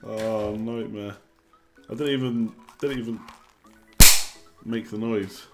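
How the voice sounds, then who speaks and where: A man's voice: lowish voice, steady tone, takes it slowly, loud music behind the voice. A young man hosting a live stream, chatting casually, joking and reading out the chat. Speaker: livestream host.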